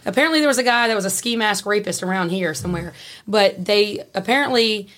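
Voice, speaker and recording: A woman's voice: mid-range voice, fast, a bit bright. A woman, a podcast guest telling chatty stories and laughing often. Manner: chatty, laughs often, acts out quoted voices. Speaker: podcast guest, former prison worker. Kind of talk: casual storytelling.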